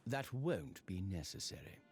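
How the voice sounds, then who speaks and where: A grand, theatrical British gentleman detective, swooping lively through each boast with swagger. This is a game cutscene with music under the voice. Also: low voice, unhurried. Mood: smug. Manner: grandiose, theatrical, self-assured. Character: pompous British gentleman detective, grown man. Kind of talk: game voice acting.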